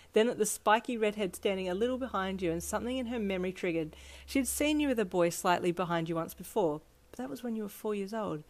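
Brief: woman storyteller, gentle and expressive, slightly low voice. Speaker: fan fiction reader. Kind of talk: storybook narration.

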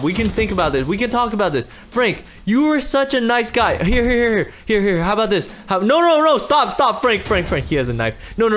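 A man's voice: sits high, fairly bright tone, slight background noise. A man acting out a game role-play as a frantic father, pleading and repeating himself. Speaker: role-play creator and lead player.

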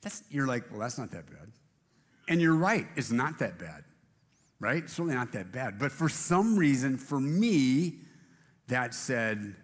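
A man's voice: medium pitch, sing-song, a little slow, big-room sound. A man preaching a casual sermon in a church, rambling and self-deprecating, with many restarts. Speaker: pastor. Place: church auditorium.

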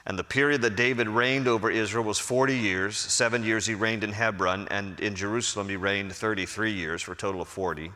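A man's voice: on the low side, fairly even intonation, a little fast, few pauses, bright, forceful tone. A man with an American accent, a pastor preaching a conversational sermon who acts out the characters' lines. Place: large church sanctuary. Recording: long hall reverb.

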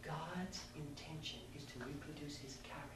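A middle-aged pastor gives a sermon in a large hall at a youth conference, telling a candid, self-mocking story and pausing at times to address the audience. His voice is a little high at normal speed, picked up by a distant mic in the roomy hall over constant background noise.

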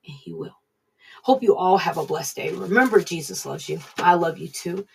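A woman's voice: fairly low pitch, moderate pace, creaky, far from the mic, slight background noise. A woman preacher giving an informal, plain-spoken sermon, talking straight to her listeners. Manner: plain-spoken, conversational, addresses listeners directly.

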